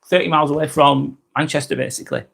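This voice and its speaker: A man's voice: a little high, fairly even intonation, quick pace, creaky, a bit bright, slightly rough. A man with a Lancashire accent and a slightly sore throat, chatting casually on a live stream, rambling and repeating himself as he reads out comments. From England.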